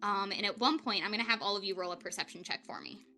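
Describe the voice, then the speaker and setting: A woman running a tabletop game as game master, narrating in a chatty, relaxed way with many fillers. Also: medium pitch, fast.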